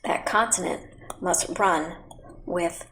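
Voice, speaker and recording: Patient low-voiced woman teaching phonics. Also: fairly bright tone, low-quality recording. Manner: slow, patient, spells out letters. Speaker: reading teacher. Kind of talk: scripted phonics lesson for children. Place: at home.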